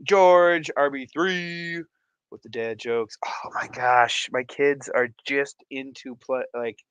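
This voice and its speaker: A man in his thirties chats on a livestream in an unhurried, drawn-out way, with a bright and forceful tone. He is goofy and excitable and often breaks into laughter. The sound is close and dry, with no room around it. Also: medium pitch, smooth, no echo. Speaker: livestream host. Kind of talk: casual livestream chat.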